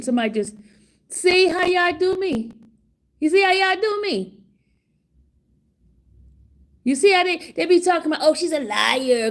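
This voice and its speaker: Middle-aged woman, excited chatty vlogger, laughing often, somewhat high voice. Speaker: trial vlogger. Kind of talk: casual vlog commentary. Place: outside a courtroom, hallway area.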